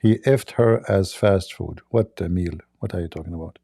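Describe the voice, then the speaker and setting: A man's voice: low-pitched, moderate pace, gravelly, warm tone, no room sound, studio quality. A man hosting a livestream, giving sarcastic, joking commentary on a video clip and laughing often. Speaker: livestream host.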